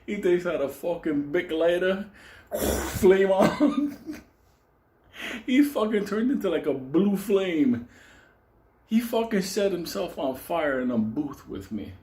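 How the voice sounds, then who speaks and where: This man speaks in a high, sing-song voice with a dark tone, moving slowly and pausing often. He's from Puerto Rico and tells a wild club story in a casual, profane, comic style, laughing frequently along the way. The recording has a roomy echo and faint ambience.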